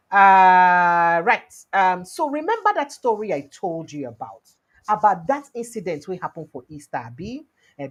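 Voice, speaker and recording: Husky Nigerian woman, lively news talk. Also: mid-range voice. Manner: animated, mixes pidgin and English, acts out quotes. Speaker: news commentator. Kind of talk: news commentary in Nigerian Pidgin and English.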